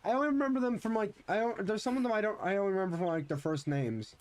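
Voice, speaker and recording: Young man, gaming streamer, fairly high voice, rambling casual chat, frequent restarts. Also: rapid-fire, a little mellow, a little hiss or hum. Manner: rambling, nostalgic, many restarts.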